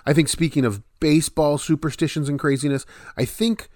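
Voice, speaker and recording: A man's voice: a little high, fairly even intonation, brisk, a little mellow, dry recording, studio quality. A man co-hosting a casual podcast chat, rambling with many false starts. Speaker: podcast co-host.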